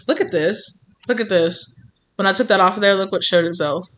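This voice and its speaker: Bright upbeat woman doing a tarot reading, keeps calling you babes, super reassuring and chatty. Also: mid-range voice, fairly quick, slight background noise. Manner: encouraging, calls listener babes, many fillers. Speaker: tarot reader. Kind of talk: casual tarot reading to viewers.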